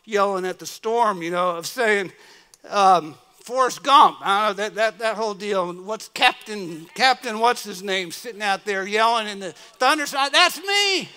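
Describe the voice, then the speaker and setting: American guy preaching, high bright voice, goes hushed then loud, storytelling sermon. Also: moderate pace, clear, resonant tone. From United States. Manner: storytelling, swings from soft murmurs to loud exclaims. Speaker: guest preacher. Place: church.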